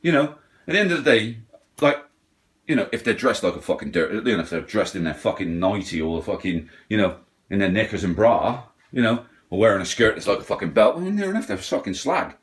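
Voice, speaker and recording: A man's voice: fairly low pitch, very animated, a little fast. A middle-aged man, ranting bluntly and swearing, mocking others in put-on voices. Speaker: ranting vlogger. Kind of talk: profane rant.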